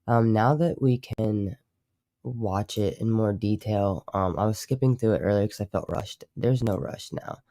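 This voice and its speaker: A man's voice: on the low side, a little slow, warm tone, dry recording, clean studio sound. A man hosting a live stream, chatting casually in a rambling, profane way and often correcting himself. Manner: rambling, profane, self-interrupting. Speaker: livestream host.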